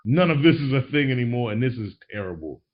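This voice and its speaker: A man's voice: medium pitch, expressive, quick pace. A man hosting a podcast in casual chat, rambling and slangy with many restarts, a little tipsy. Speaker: podcast host. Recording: dull lo-fi recording.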